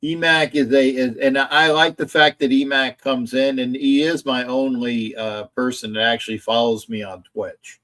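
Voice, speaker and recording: A man's voice: medium pitch, level tone, normal speed, few pauses, fairly bright tone. A man hosting a casual live stream about football, rambling, reading chat messages aloud and arguing back at them from a home setup in front of a camera. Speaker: sports streamer.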